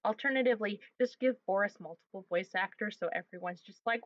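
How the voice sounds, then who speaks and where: Relaxed woman hosting a chill fan chat, dry close mic, kinda muffled sound. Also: medium pitch, fast, no echo. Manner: laid-back, playful, hesitant with fillers. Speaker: podcast host. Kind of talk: casual chat. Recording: dull, slightly muffled sound.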